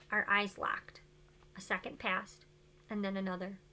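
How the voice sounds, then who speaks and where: A woman teacher reading chapters of a novel aloud to her students with expressive, dramatic delivery. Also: mid-range voice, measured pace, long pauses.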